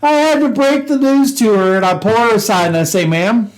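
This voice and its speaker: A man's voice: sits high, fairly quick, a little hiss or hum, rough recording. A man, a former police officer co-hosting a podcast, telling a story in casual chat, laughing often and acting out the quotes.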